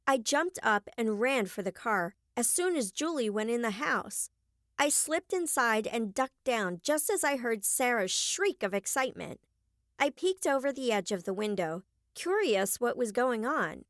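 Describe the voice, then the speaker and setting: A woman narrating a first-person young adult novel as an audiobook, clear and expressive on a close mic. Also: on the high side, unhurried, no echo.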